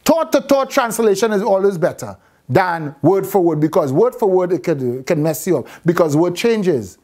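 Brief: male teacher, slightly higher voice, questioning, restarts mid-sentence, classroom lesson. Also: big pitch swings, normal speed, a little mellow. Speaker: Bible teacher. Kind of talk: classroom teaching on Hebrew letters.

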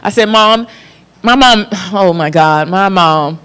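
A young woman from the Florida Panhandle sharing a personal testimony as a talk show guest, animated and laughing often. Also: mid-range voice, slow pace, clear, resonant tone.

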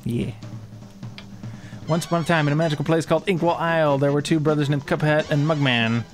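A man hosting a relaxed let's play with his wife, chatting and reading the story in a playful, old-timey way. Faint music sits under his voice. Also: fairly high pitch, brisk. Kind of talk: casual gameplay commentary and story reading.

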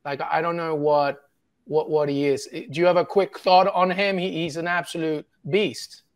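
A man's voice: on the high side, steady tone, moderate pace. A man from New York hosting a football talk show, enthusiastic and bantering with his guest. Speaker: show host.

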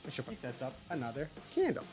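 A man hosting a livestream, telling a playful story in a casual, animated way. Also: mid-range voice, moderate pace, music in the background. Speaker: livestream host.

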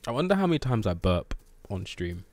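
A man's voice: lowish voice, very animated, a little fast, darkish tone, no echo. A man streaming gameplay, muttering to himself and swearing in frustration. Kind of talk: casual live gameplay commentary.

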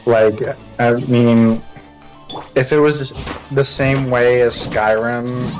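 A man's voice: mid-range voice, fairly even intonation, takes it slowly, a little mellow, highs cut off, soft background music. Easygoing man chatting about games. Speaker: gaming group member. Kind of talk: casual gaming chat.

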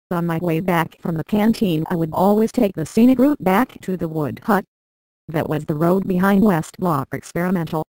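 A computer-generated woman's voice reading a memoir aloud in a flat, synthetic way with odd word stresses. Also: fairly low pitch, dry recording, low-quality recording. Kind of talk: text-to-speech narration of a memoir.

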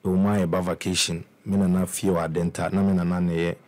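His voice sits low and a little mellow, with little pitch movement, and he talks fast. He is a young Ghanaian musician describing his life in an informal interview, mixing English and Twi and often restarting or repeating himself.

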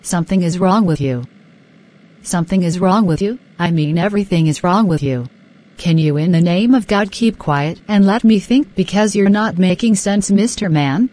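A woman voicing a flustered young fiancée in an animated drama, sharp-tongued and anxious. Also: on the low side, moderate pace, lightly acted. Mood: exasperated. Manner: exasperated, sharp-tongued, fretful.

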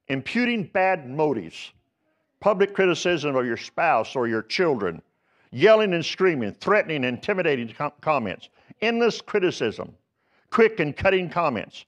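A man preaching a sermon as pastor, telling folksy stories and building to emphatic exhortations. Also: a little high. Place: church sanctuary.

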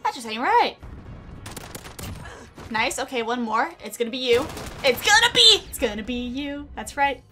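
A woman streamer giving excitable, chatty commentary over her own gameplay, often gasping and exclaiming. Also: on the high side, moderate pace, long pauses. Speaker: gaming streamer. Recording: game music and gunfire behind.

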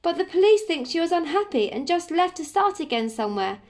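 Woman doing a high earnest young girl. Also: big pitch swings, brisk. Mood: pleading. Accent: English. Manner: earnest, pleading.

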